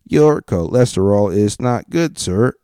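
A man doing a mock robot voice for a male pizza-ordering AI, flat and matter-of-fact, while reading a joke aloud. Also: fairly low pitch, a little slow, clean tone, no echo, studio quality.

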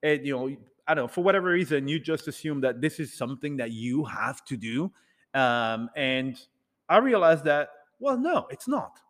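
A man telling a rambling, animated story to an audience in a casual talk, acting out bits of dialogue. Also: medium pitch, normal speed, long reverb tail. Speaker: speaker addressing an audience.

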